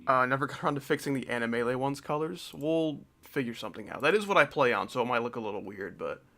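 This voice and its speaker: A man's voice: medium pitch, lively intonation, fast talker, pushed and bright. A young man streaming, chatting casually and joking, his voice sometimes trailing off into mumbles. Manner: rambling, joking, drifts into mumbling. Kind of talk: casual live-stream chat.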